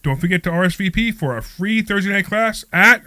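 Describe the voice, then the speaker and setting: A man hosts a live radio talk show, moving from an upbeat, scripted intro into loose banter with his co-hosts. His voice sits on the higher side. The studio sound is dry and close. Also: expressive, brisk, sharp tone, no room sound. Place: studio at a training office.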